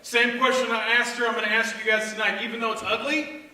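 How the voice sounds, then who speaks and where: A middle-aged man telling a storytelling sermon to a church gathering and acting out family dialogue in a lively way. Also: very high-pitched, fast talker. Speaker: speaker at a church youth gathering. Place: church hall. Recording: echoey hall from far off, faint noise.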